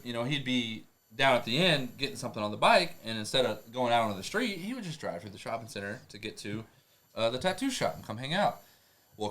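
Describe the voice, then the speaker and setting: A man's voice: medium pitch, a bit bright. Man telling wild stories, casual. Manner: profane, rambling, laughing through stories. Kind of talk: casual storytelling.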